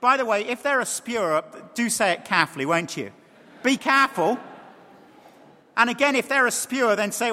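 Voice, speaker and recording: A man preaching an animated sermon, speaking directly to the congregation. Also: sits high, fairly quick. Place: large church. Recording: long hall reverb.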